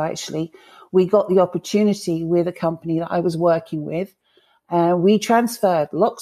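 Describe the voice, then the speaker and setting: Upbeat woman, mellow voice. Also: lowish voice. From United Kingdom. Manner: upbeat and enthusiastic. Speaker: guest, bookkeeping business owner. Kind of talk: casual interview chat.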